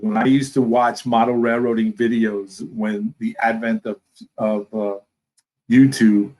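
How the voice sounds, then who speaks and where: A man from Brooklyn with a New York accent, a guest in a casual interview who rambles warmly and animatedly. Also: mid-range voice, rough recording. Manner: rambling, animated, talks with his hands.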